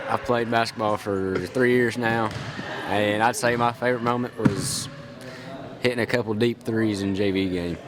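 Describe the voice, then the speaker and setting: A teenage boy on a high school basketball team, introducing himself in a plain, matter-of-fact way. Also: fairly even intonation, normal speed. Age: teens. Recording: crowd noise in a gym.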